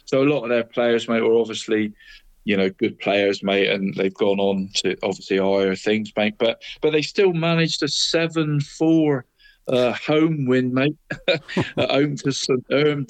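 A man's voice: mid-range voice, measured pace. A man going through local football results in casual podcast chat, tacking "mate" onto nearly every phrase. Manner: chatty, says "mate" after almost every phrase.

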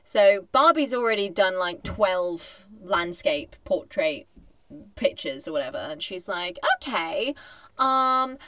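A woman co-hosting a podcast, chatting casually in an animated, wry way and laughing often. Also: mid-range voice, measured pace, no room sound. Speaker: podcast co-host. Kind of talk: casual chat.

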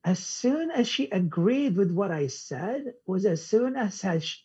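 A man's voice: high voice, big pitch swings, a little slow, darkish tone, slightly rough, muffled recording. A man as a podcast guest, telling a personal story and acting out both sides of the conversation. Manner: acts out conversations in quoted dialogue. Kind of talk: casual storytelling interview.

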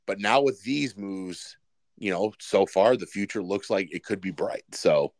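A man's voice: low-pitched, measured pace, no echo. A man co-hosting a casual sports podcast, rambling with many fillers and restarts. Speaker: podcast co-host.

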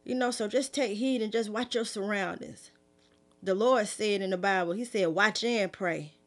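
A middle-aged woman preacher, talking in a relaxed, conversational way after a prophetic sermon. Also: moderate pace. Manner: fervent, pleading, raised pitch at first. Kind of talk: prophetic sermon, then casual talk.

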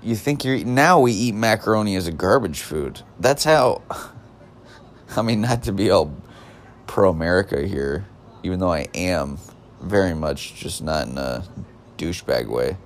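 A man's voice: sits low, expressive, measured pace, slight background noise. A man delivering a rambling, scornful comedic rant, often breaking off and restarting his sentences. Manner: rambling, self-interrupting, scornful.

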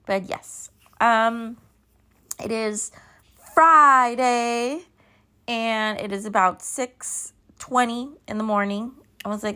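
This podcast host, a woman in her thirties, speaks slowly in a slightly high, bright, forceful voice. Her solo chat is casual and drowsy, punctuated by yawns, as she rambles and wanders away from the point.

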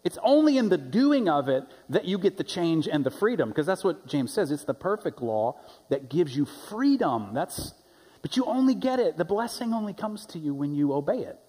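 A man's voice: fairly high pitch, sing-song, moderate pace, mellow, breathy edge. A man preaching a sermon as pastor, telling stories conversationally and then building to emphatic points. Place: church sanctuary. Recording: long church-hall reverb.

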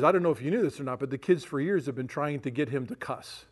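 A middle-aged pastor tells stories in a folksy, chatty sermon, his fairly high voice moving fast with few pauses. He makes frequent asides to the congregation.

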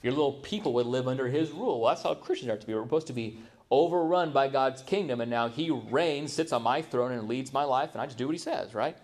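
A man's voice: mid-range voice, fast, darkish tone. A middle-aged man preaching a sermon as pastor, talking conversationally, asking the congregation questions and acting out people's excuses. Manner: conversational, asks the audience rhetorical questions; acts out quoted excuses in a mocking voice.

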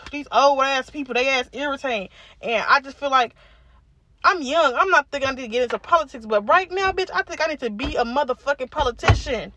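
Sharp-toned and brisk, her high voice carries an angry, foul-mouthed solo rant. She's roughly twenty and hosts a podcast on her own, speaking casually but bluntly and swearing heavily.

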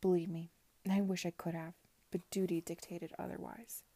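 Woman whispering as a stern dutiful gentleman. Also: lowish voice, level tone, moderate pace, no room sound, lightly acted. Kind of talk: whispered reading.

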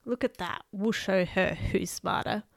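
A woman's voice: mid-range voice, a little slow, dry recording, natural voice. A woman doing a smug, mischievous male raptor. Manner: smirking and smug.

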